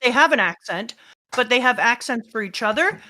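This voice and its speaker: A woman's voice: on the high side, expressive, normal speed, bright, forceful tone. A middle-aged woman co-hosting a livestream as the host's mother, enthusiastic and directing. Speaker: co-host, streamer's mother. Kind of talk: casual livestream chat.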